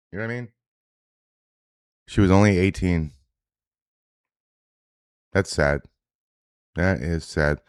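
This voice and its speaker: A man with a very low voice talks bluntly and swears freely as he reacts to posts. He rambles and restarts his sentences. The sound is dry and close, with no room around it. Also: clear, resonant tone, no room sound. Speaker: show host reacting to social media posts. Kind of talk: casual live reaction commentary.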